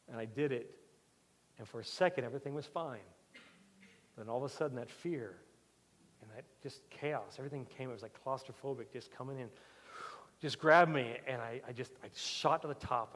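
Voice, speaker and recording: A male pastor giving a sermon, telling a personal story with animated swings between loud and soft. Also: medium pitch, quick pace. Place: church sanctuary. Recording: church hall with long reverb.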